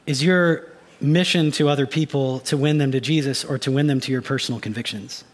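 A man preaching a sermon as a pastor, animated and given to acting out little mock inner voices. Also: mid-range voice, brisk.

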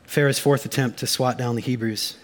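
Delivering a sermon, a male pastor speaks at medium pitch and a little fast, animated and emphatic. He mixes slang asides into the lesson and goes quiet and grave when the passages turn dark.

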